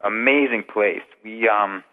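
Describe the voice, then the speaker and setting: This man speaks a little slowly in a somewhat low voice, phoning into a show as a guest investigator. He tells rambling, lengthy stories in an easygoing, conversational way for a casual storytelling interview. A long reverb trails the narrow, phone-quality audio.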